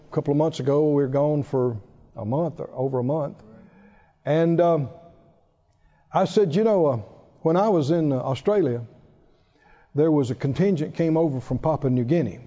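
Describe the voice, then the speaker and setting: A man's voice: a little high, mellow, muffled recording. A male pastor preaching a sermon with emphatic delivery, his voice surging on key phrases.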